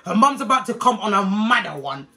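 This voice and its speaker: A young woman, telling a story casually in a vlog, animated and profane, acting out the people in it. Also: mid-range voice, fairly quick. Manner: animated, profane, acts out every character. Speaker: vlogger.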